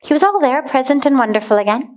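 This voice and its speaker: A woman giving a spiritual talk as a teacher, speaking in a deliberate, earnest way and dwelling on single words. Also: high voice, expressive, a little mellow.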